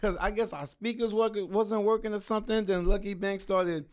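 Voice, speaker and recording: A man's voice: sits high, normal speed. New man recounting events. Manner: relaxed, earnest, recounting events. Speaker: podcast guest, content creator. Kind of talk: casual storytelling chat.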